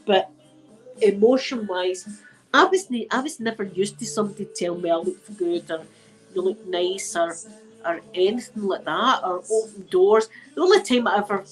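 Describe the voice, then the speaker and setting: A middle-aged Scottish woman talks to her viewers in a loose, emphatic way, repeating her phrases for weight. She has a cold, and her voice sits at an ordinary pitch for a woman. Soft music plays faintly behind her. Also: moderate pace, rough recording. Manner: chatty and emphatic, repeats phrases, uses local words like wee and dead. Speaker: channel host talking to viewers. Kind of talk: casual chat with live viewers.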